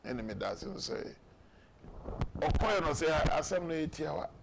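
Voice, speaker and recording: A man's voice: on the high side, sing-song, a little slow, creaky, noisy background. A man with a Ghanaian accent, talking emphatically in a political talk show discussion. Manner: emphatic, mixing Twi and English, acts out quotes.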